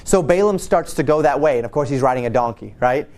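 A man's voice: medium pitch, expressive, fast talker, darkish tone. A man preaching a sermon, retelling a Bible story in a loose, conversational way with frequent restarts. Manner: conversational, storytelling, repeats himself. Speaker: pastor.

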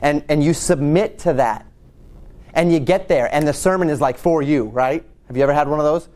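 Guy preaching a sermon, kinda high voice, chatty, stumbles and repeats words a lot. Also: brisk, darkish tone. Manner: conversational, repeats words when thinking.

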